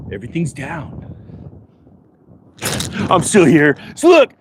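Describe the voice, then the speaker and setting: Smug, bragging money-advisor type, put on by a man, high and swooping delivery. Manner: sarcastic, boastful, rambling with asides. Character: smug self-important male financial advisor persona. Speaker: finance vlogger. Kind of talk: comedic persona monologue to camera. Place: outdoors in front of a big-box store.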